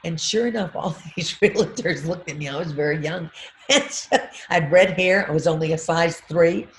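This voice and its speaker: A middle-aged woman with a gravelly edge to her voice tells a personal story on a video call. She talks in an animated way, repeats her affirmations and laughs often, and faint noise sits behind her. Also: lowish voice, moderate pace. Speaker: motivational speaker.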